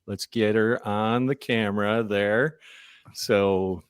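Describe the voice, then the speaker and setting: A man's voice: fairly low pitch, fairly even intonation, slow, clean tone, no room sound, studio quality. A man co-hosting a casual music business chat, folksy and rambling with lots of fillers. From Wisconsin. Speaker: co-host. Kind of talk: casual video podcast chat.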